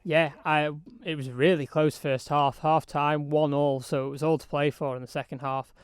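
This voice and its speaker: A man with a Manx accent, slightly hoarse, describing hockey matches in an excitable sports chat full of fillers and restarts. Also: fairly high pitch, normal speed, no echo, clean studio sound. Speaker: hockey reporter.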